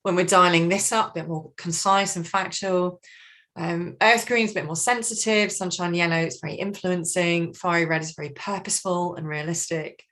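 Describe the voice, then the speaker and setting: A lively woman trainer runs an online workshop on communication styles, speaking over a video call. Her delivery is expressive, with frequent lifts in energy. Her pitch sits somewhat low for a woman. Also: moderate pace. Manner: animated, expressive, acts out colleagues.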